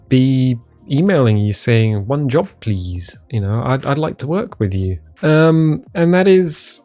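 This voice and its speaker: A man's voice: medium pitch, a little mellow. A man with an English accent talking casually to camera in a vlog from his living room, rambling and self-deprecating with many ums and restarts. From England. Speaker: vlogger.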